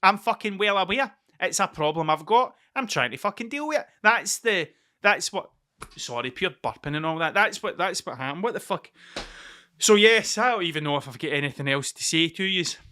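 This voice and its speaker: A Scottish man in his thirties talks alone into his podcast mic. His voice sits high and rings with a bright, forceful edge. He rambles through a story, swearing constantly and circling back over his own phrases. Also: expressive, fairly quick. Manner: rambling, heavy swearing, repeats himself. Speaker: podcast host. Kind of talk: casual solo storytelling monologue.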